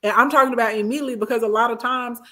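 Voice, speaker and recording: On a casual advice livestream, a woman reads viewer comments aloud and answers them emphatically, repeating her points and checking in often. Her voice is a little high and fairly bright, with a steady tone and a rapid-fire delivery.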